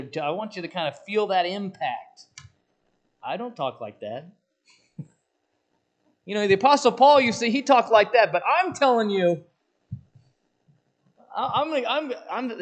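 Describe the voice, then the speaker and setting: A man preaching a sermon, slowing down to quote scripture and swinging from loud emphatic lines to hushed ones. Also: high-pitched.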